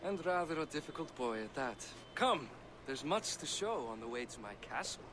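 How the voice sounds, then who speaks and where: A man's voice: on the high side, very animated, normal speed, background noise. An actor playing a proud, hearty middle-aged Norse king in a video game. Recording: game audio over loud city ambience.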